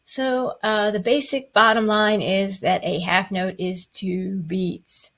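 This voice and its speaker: A woman's voice: mid-range voice, steady tone, takes it slowly, fairly bright tone. A woman teaching a music lesson, patiently explaining rhythms and chanting the counting syllables with playful asides.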